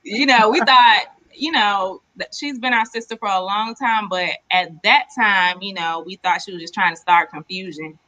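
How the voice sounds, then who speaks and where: A woman who is a guest in a casual conversation, speaking slowly and laughing easily. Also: medium pitch, sharp tone, dry recording, muffled recording.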